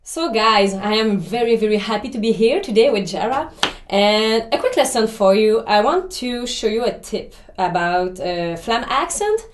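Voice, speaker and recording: A woman's voice: on the high side, expressive, normal speed, hardly any pauses, roomy sound. A woman drummer, a guest who is chatty and laughs often, explaining a drum exercise step by step. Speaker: drummer guest giving a pad lesson. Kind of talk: casual interview, then drum lesson.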